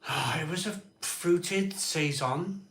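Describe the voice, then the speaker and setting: A man hosts a casual live stream, chatting in a rambling way and letting out frustrated sighs. His voice is high-pitched, slow and fairly bright, heard in an echoey room.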